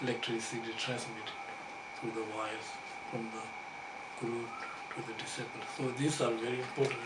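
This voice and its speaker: A man whose first language is Tibetan gives a dharma teaching in English in a halting way, full of fillers and chuckling asides. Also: medium pitch, little pitch movement. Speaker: Buddhist teacher. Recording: echoey room, distant mic, background noise.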